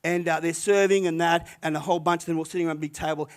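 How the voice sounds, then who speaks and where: An older man, a retired pastor, tells a story from the pulpit in a chatty, animated way. His voice sits a little high for a man, and he often restarts his sentences as he goes. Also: very fast, smooth. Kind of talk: sermon storytelling.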